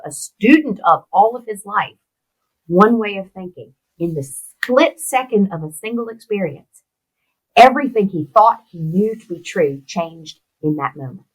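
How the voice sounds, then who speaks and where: Husky middle-aged woman telling a story. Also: lowish voice, rough recording. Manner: animated storyteller who acts out quoted voices. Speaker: interview guest. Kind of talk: storytelling in conversation.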